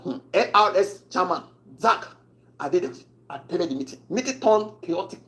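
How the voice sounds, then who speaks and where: A woman's voice: fairly low pitch, lively intonation, normal speed, fairly bright tone, poor audio. A woman with a Nigerian accent giving casual political commentary, mixing Pidgin and English in a wry, chatty way.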